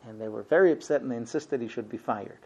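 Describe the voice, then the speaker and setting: A man's voice: medium pitch, fast talker, breathy edge. A man giving a Torah lesson, telling a story with many ums and uhs. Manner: hesitant, frequent ums and uhs. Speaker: Torah teacher. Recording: dull lo-fi recording.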